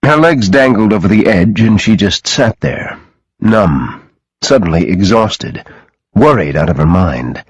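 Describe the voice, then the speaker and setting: A man reading an audiobook in a dramatic, expressive way, close to the mic. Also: lowish voice, unhurried, breathy edge, dry recording, rough recording. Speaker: audiobook narrator. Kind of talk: scripted audiobook narration.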